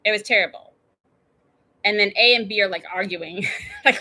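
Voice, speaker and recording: A woman's voice: medium pitch, moderate pace, long pauses, bright, forceful tone. A woman hosting her own show, telling a personal story in a chatty, meandering way full of tangents and fillers. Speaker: show host.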